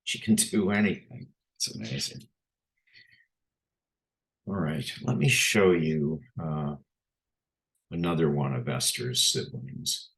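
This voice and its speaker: A man giving an unhurried presentation with pictures, often pausing on filler sounds. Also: a bass voice, creaky, a bit bright.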